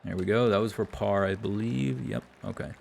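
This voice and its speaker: A man's voice: on the low side, steady tone, moderate pace, creaky. A man giving exasperated, self-deprecating play-by-play commentary while playing a golf video game. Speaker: gaming YouTuber.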